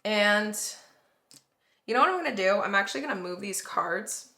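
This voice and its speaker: A woman talks through a tarot spread in a loose, rambling way, full of "like" and "um". Her voice is bright and forward, and the sound bounces around an echoey room. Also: mid-range voice, lively intonation, moderate pace, vocal fry. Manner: rambling, conversational, reassuring, many fillers. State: yawning, tired. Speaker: tarot reader. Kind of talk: casual tarot reading to viewers.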